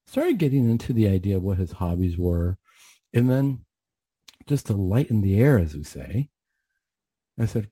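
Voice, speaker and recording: A middle-aged man tells a story in an earnest voice, very dark and a little husky. He repeats words as he goes. His voice is recorded dry and close. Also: fairly low pitch, sing-song, normal speed, long pauses, dry recording. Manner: earnest, repeats words, quotes himself in dialogue. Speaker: counselor telling a story on a radio show. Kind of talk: storytelling talk.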